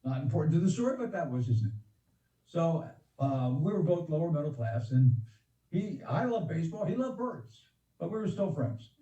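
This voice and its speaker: An older man tells a long joke over a video call, his voice higher than most and lively in pitch. The sound is mellow and roomy, as if he sits back from the mic. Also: moderate pace, far from the mic, dull audio. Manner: rambling, laughs at his own jokes, acts out voices in a joke. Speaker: stand-up comedian performing by video call. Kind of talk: stand-up joke telling.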